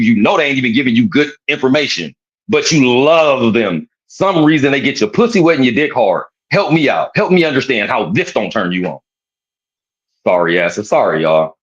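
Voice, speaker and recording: A man rants with fierce, profane animation, his voice husky and leaping up and down in pitch. He sounds preachy and hyped. The audio is dull and lo-fi. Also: very animated, normal speed. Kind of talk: impassioned rant.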